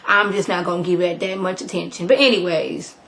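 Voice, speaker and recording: List: woman, vlogger, chatty, animated, casual storytelling, at home. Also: lowish voice, a little fast, creaky. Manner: chatty, lots of "like", animated retelling. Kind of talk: casual TV episode recap.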